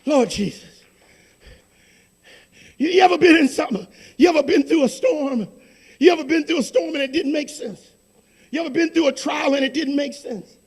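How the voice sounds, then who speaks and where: Gravelly high-voiced preacher, slow and fervent. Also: male voice. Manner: fervent preaching, swings from hushed to shouting, repeats phrases. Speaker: pastor. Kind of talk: sermon.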